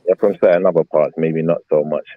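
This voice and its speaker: A man's voice: very deep voice, fairly even intonation, fast, phone-quality sound. A man, asking questions in a casual online panel chat. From England. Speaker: panel guest.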